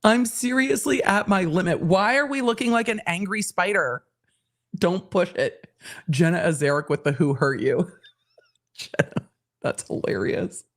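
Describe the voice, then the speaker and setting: A woman's voice: on the low side, expressive, a little slow. A woman hosting a live stream, reading out social media replies with laughing, incredulous reactions. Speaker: host.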